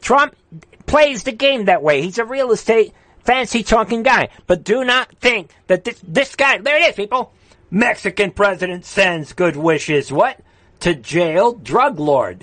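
A man's voice: high voice, animated, a little slow, no echo. A man hosting a political livestream, ranting fiercely and urging his viewers with repeated exhortations, then reading chat comments aloud. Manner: fiery, repetitive exhortations, swings from shouting to quiet.

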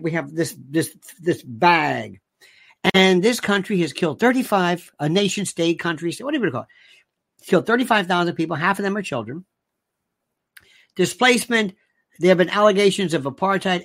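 A man's voice: high-pitched, animated, moderate pace, fairly bright tone. A man hosting his own show, delivering an emphatic, opinionated monologue and repeating himself for emphasis. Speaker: show host.

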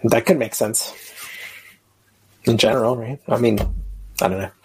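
A man's voice: medium pitch, moderate pace, breathy edge, rough recording. A man co-hosting a casual live stream, chiming in with joking remarks and laughter. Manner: joking interjections, laughs often. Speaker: co-host.

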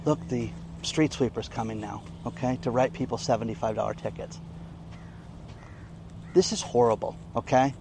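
A man's voice: medium pitch, normal speed, vocal fry, long pauses, noisy background. A man giving casual, indignant news commentary in a vlog, often checking in with "okay?". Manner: indignant, emphatic, keeps asking "okay?". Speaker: online commentator.

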